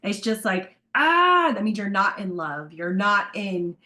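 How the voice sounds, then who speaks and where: Woman co-host, enthusiastic and emphatic, medium pitch. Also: unhurried, bright, forceful tone. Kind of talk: casual chat on a community call.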